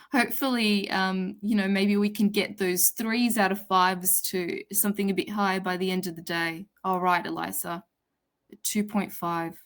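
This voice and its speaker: A woman from Sydney with an Australian accent, a provisional psychologist presenting a live webinar in a casual, chatty way and greeting viewers by name, with fillers like "sort of" and "um". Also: medium pitch. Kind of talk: informal live webinar talk.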